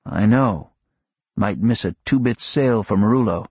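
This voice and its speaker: A man reading an audiobook, voicing a joking middle-aged clerk husband with sardonic, mock-gruff banter. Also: on the low side, normal speed, a little mellow, dry recording, studio quality.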